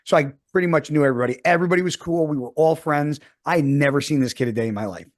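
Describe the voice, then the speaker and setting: Racing along at a fairly high pitch, a podcast co-host in his forties tells a story in casual chat. His telling is animated and heavily profane, with swearing throughout.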